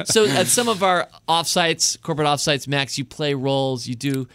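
A man's voice: on the high side, expressive, normal speed, a bit bright, smooth. A middle-aged man hosting a podcast, chatting enthusiastically with rambling asides. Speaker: podcast host. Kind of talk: casual podcast chat.

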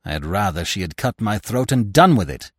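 A man voicing a weakened gentleman thief, hushed and stammering in shock. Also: on the low side, very animated, brisk, husky, dry recording, studio quality. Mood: growling.

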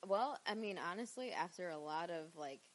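A woman's voice: fairly low pitch, normal speed, rough recording. Chatty New York woman guest. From Queens, New York. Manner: chatty, animated storyteller, many fillers. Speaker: interview guest, professional wrestler. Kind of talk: casual podcast interview.

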